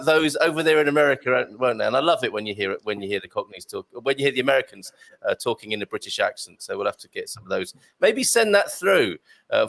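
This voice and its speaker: A man's voice: medium pitch, vocal fry, a bit bright, no room sound. A male host of a live chat show, jokey and chatty, reading out viewer messages between guests.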